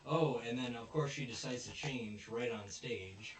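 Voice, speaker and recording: A man's voice: mid-range voice, a little slow. A man casually recapping a show episode, acting out the characters' lines as he retells scenes. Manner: retells scenes with animated quoted voices. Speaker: podcast co-host. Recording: roomy echo, distant mic.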